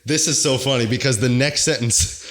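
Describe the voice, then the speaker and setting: A man co-hosting a casual podcast, rambling through a story and often breaking into laughs. His voice sits at a middle pitch. He sounds unhurried and joking. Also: a bit bright. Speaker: podcast co-host. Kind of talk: casual chat.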